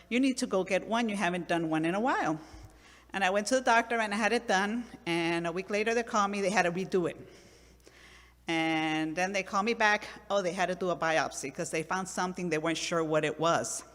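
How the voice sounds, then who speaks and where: A woman's voice: medium pitch, a bit bright. Woman in her fifties, from puerto rico, church testimony, chatty storytelling, long church-hall reverb. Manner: conversational, acts out quoted voices. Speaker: church member giving a testimony. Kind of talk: personal testimony talk. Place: church sanctuary.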